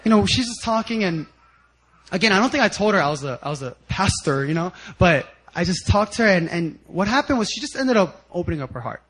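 High-voiced young pastor telling a story. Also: male voice, fairly quick. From United States. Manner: animated storytelling with laughter. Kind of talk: sermon.

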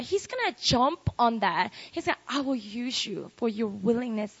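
A woman preaching a sermon in a lively, conversational way, acting out quotes. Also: a little high, normal speed, few pauses. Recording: dull lo-fi recording.

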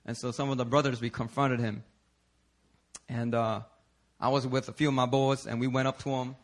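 A male pastor from Philadelphia preaching a sermon in a conversational, animated storytelling way, dropping to a hush and then rising loud. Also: medium pitch, moderate pace, a little hiss or hum. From Philadelphia, United States. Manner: animated, conversational, swings from hushed to loud while telling stories. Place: church service.

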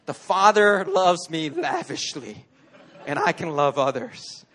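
Animated high-voiced male pastor. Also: slow. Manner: conversational, animated storytelling with laughs. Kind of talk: sermon. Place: church.

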